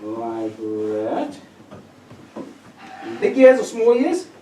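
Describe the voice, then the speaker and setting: A man performing a comedy magic act on a theatre stage, teasing and bantering with the audience in a playful, excitable way. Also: medium pitch, drawn-out words, slight background noise. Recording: roomy echo from far off.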